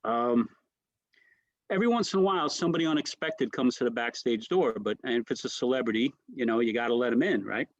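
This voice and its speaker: Animated male comedian telling stories. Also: mid-range voice, quick pace, dry recording, highs cut off. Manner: animated, rambling, mimics others' voices. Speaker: guest comedian. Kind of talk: storytelling anecdotes.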